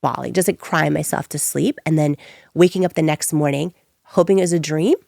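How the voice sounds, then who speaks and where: Low-pitched woman guest with a gravelly edge, lively storyteller, recorded dry and close. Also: fairly quick, no echo. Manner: animated, acts out her own past lines. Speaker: entrepreneur guest. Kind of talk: candid storytelling interview.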